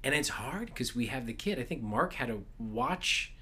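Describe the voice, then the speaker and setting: A man in his thirties, co-hosting a casual podcast, telling stories with animated energy and frequent laughs. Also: medium pitch, moderate pace, breathy edge. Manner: storytelling, animated, laughs often. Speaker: podcast co-host. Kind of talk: casual chat.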